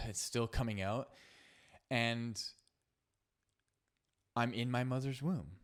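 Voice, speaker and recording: Smooth-voiced man telling a story. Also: medium pitch, fairly bright tone. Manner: reflective, halting with fillers and restarts. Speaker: podcast host. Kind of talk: solo podcast storytelling.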